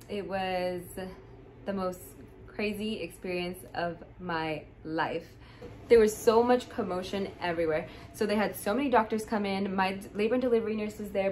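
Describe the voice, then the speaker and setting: A woman's voice: medium pitch, a little hiss or hum, rough recording. A young woman vlogger telling a personal story in a casual, rambling way, with many fillers and restarts, and getting emotional.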